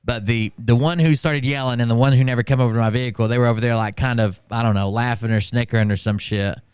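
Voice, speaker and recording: A man casually telling a story on a stream, ranting in a profane and animated way. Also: mid-range voice, quick pace, clean tone, dry recording. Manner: profane, animated, full of fillers and restarts.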